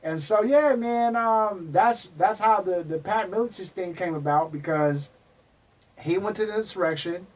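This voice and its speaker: Male guest, animated raconteur, curses freely, slightly high voice, recorded off-mic. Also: moderate pace, distant mic, low-quality recording. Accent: Texan. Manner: animated, profane, acts out quoted people. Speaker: guest, MMA historian. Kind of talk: casual storytelling interview.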